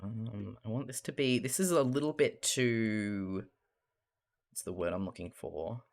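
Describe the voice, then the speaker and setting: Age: young adult. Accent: mild Australian. Role: live streamer. Delivery: loose, rambling chat with frequent laughter and some swearing, in an average pitch. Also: a little slow. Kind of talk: casual chat while drawing on stream.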